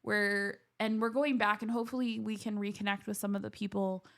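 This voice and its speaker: A woman co-hosting a podcast in casual chat, chatty and animated, laughing often. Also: mid-range voice, brisk, creaky. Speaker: podcast co-host.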